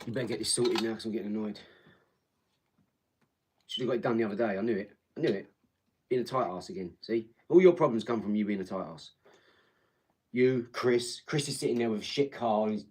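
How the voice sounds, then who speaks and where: A husky man in his forties, with a lowish, darkish voice and a fairly quick pace, hosts a casual live stream from his home front room. He's blunt and rambling, swears freely, and talks straight to his viewers.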